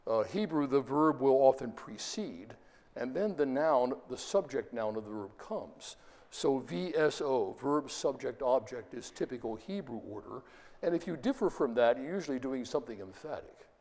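A man's voice: medium pitch, animated, normal speed, a little mellow. Man lecturing in an echoing hall. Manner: explanatory, stops often to ask the class. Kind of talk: classroom lecture. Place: classroom.

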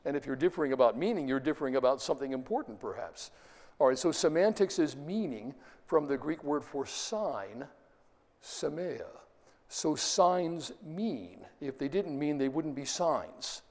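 A man's voice: fairly high pitch, animated, normal speed, a little mellow, in a large hall. A man giving a classroom lecture, explaining step by step and asking his students questions as he goes. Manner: explanatory, stops often to ask the class.

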